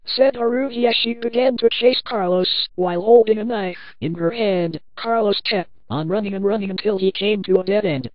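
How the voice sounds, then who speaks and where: A woman's voice: medium pitch, moderate pace, few pauses, no room sound. Woman reading a horror story, lo-fi. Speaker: narrator.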